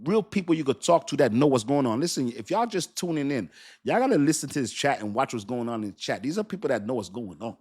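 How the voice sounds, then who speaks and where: A man's voice: mid-range voice, very animated, quick pace, darkish tone. A man hosting a casual livestream, chatting loosely, laughing often and answering his chat. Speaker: crypto livestream host.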